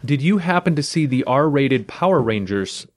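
A man co-hosting a podcast, chatting casually in a relaxed, enthusiastic way. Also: mid-range voice, moderate pace, a little hiss or hum. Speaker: podcast co-host. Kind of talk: casual chat.

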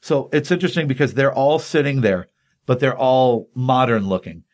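A man's voice: mid-range voice, normal speed, darkish tone. A man casually retelling a comic book issue on a podcast, rambling with many ums and restarts, acting out the dialogue.

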